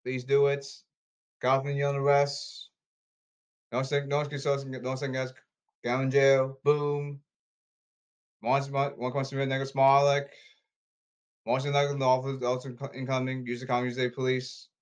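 A man ranting about baseball and social media in repetitive, halting bursts. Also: medium pitch, monotone. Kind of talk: rambling ranting commentary.

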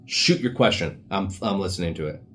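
Deep and fairly quick with a bit of brightness, this podcast host's voice carries slight background noise. On his casual solo show, the young man rambles through relaxed, slang-heavy stories with lots of asides, frequently quoting others in goofy voices.

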